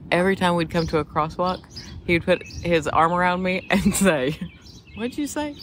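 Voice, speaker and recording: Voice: medium pitch, level tone, normal speed, fairly bright tone, slight background noise. A podcast co-host bantering outdoors in a city park, dry and scolding in tone.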